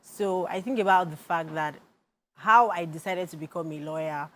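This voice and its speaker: A woman's voice: fairly low pitch, moderate pace, fairly bright tone. A Nigerian woman, an author and lawyer, answering interview questions earnestly and reflectively.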